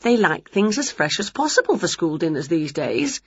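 A woman voicing an excitable, chatty, boastful witch in a storybook reading, on a dull lo-fi recording. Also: lowish voice, moderate pace, husky, no echo.

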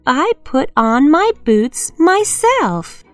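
A woman voicing an eager, excited little piglet boy in a children's storybook reading. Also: high-pitched, drawn-out words, dry recording, faint music behind, pitched above the performer's own voice, exaggerated voice. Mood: proud.

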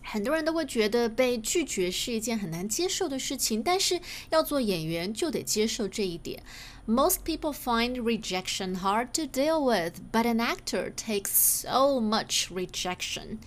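A woman teaching English through sitcom clips, explaining clearly and reading English examples slowly. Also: a little high, big pitch swings.

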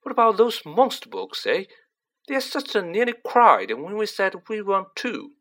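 A man voicing an excitable, chatty teenage boy wizard who talks in animated, joking bursts. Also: high voice, normal speed, pitched above the performer's own voice, exaggerated voice.

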